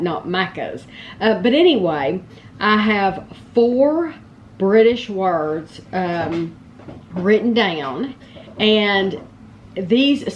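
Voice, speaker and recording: Slow, rambling woman vlogger. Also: on the low side, slight background noise. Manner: rambling and chatty, with many ums and restarts. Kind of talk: casual chat to camera.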